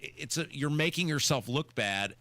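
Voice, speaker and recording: A man's voice: on the high side, animated, moderate pace, sharp tone, no room sound. A man co-hosting a talk radio show, giving blunt, sarcastic opinion commentary from a studio microphone.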